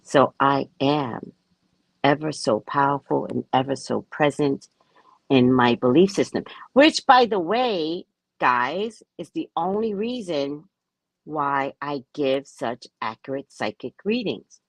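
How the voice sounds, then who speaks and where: A woman's voice: low voice, animated, slow pace, gravelly, no echo. A woman psychic reader talking casually to her viewers, emphatic and self-assured. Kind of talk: casual spiritual talk to viewers.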